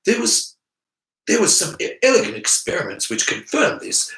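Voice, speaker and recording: A man reading an audiobook aloud in an expressive, animated way. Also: medium pitch, moderate pace, roomy sound, poor audio. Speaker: audiobook reader. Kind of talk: audiobook narration.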